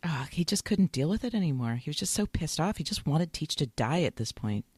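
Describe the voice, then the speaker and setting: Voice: medium pitch, very animated, brisk, a little mellow, slightly rough, no room sound. A podcast co-host in casual chat, retelling TV scenes with a lot of emotion. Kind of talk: casual chat about a TV episode.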